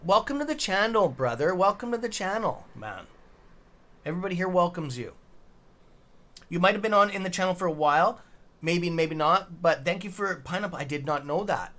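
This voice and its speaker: Middle-aged dude chatting on his live stream, kinda high voice, reads chat out loud and swears a bit. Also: expressive, fairly quick. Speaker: livestream trading host.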